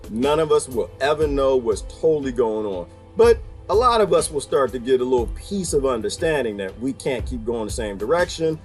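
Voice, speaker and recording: A man's voice: mid-range voice, darkish tone. A man hosting his own video, talking in a rambling, wry casual monologue and laughing often. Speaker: video host.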